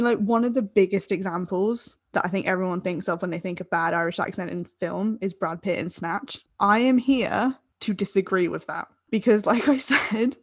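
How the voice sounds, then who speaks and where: A woman's voice: mid-range voice, no echo, clean studio sound. A young woman co-hosting a casual chat podcast, rambling and laughing partway through her sentences. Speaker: podcast co-host.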